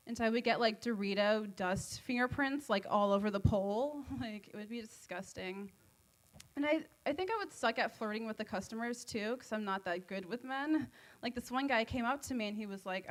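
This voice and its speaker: A woman's voice: a little high, brisk. Giggly, rambling woman doing stand-up. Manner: rambling, giggly, self-deprecating. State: high on edibles. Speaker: open mic comedian. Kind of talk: stand-up comedy set. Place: comedy club stage.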